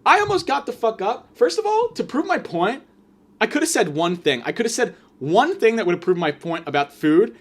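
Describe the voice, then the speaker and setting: A young man telling a comedic story as a podcast host, animated, sarcastic and profane, with quick asides. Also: high-pitched.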